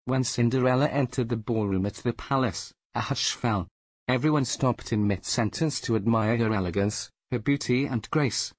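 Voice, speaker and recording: A man reading a fairy tale aloud as storyteller, slow and deliberate. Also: mid-range voice, slightly rough, no echo.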